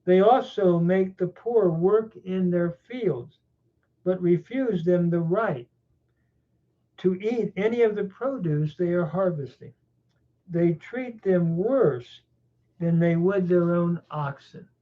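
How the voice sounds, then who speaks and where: A man teaching a Bible chapter verse by verse, reflective and unhurried, pausing often with small fillers. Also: high voice. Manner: reflective, with frequent pauses and fillers. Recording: tinny phone-like sound.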